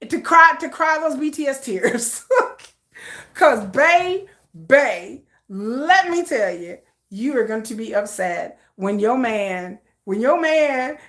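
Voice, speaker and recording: High, lively woman joking to camera. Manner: playful, joking, laughs often. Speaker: K-pop news vlogger. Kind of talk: casual chat to camera.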